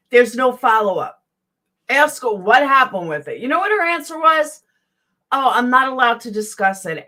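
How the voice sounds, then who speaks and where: A Southern woman hosts a casual commentary stream and vents bluntly, cursing freely and calling out to her chat. Her voice sits somewhat high and swings widely between low asides and sharp, raised outbursts. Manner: blunt, profane, heated, talks to live chat. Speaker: YouTube commentary host.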